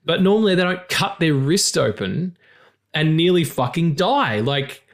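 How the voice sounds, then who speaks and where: Animated man on a film podcast. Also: fairly high pitch, a little slow. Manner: animated, swears a lot, laughs loudly. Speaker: podcast co-host. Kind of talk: casual film podcast chat.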